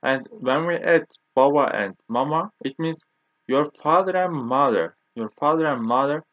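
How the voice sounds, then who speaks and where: A man's voice: a little high, expressive, dry recording. Man, 20s, patient teacher, repeats drill words, dry, tinny lo-fi sound. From Turkey. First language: Turkish. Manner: repeats each word slowly for drilling. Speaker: language teacher. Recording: dry, tinny phone-like recording.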